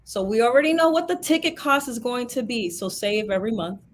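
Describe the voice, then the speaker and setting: A woman's voice: on the high side, animated, fairly quick, a little hiss or hum. A woman co-hosting a casual business chat, urging listeners to attend. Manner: encouraging, persuasive. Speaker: co-host of a real estate broker talk.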